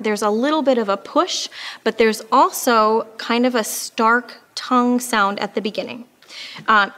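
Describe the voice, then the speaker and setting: A woman's voice: fairly high pitch, fairly bright tone. A woman teaching an oboe lesson, explaining patiently and with frequent fillers. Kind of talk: instructional music lesson.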